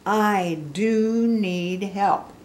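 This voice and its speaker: An older woman voicing an eager, bouncy little pig girl from a picture book, high and loud. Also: fairly even intonation, drawn-out words.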